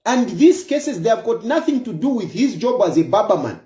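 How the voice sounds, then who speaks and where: In a warm, mellow voice with big pitch swings, a Zambian-accented political commentator delivers an opinion monologue at a moderate pace. He hammers his points repeatedly using rhetorical questions, and there's a noticeable room echo.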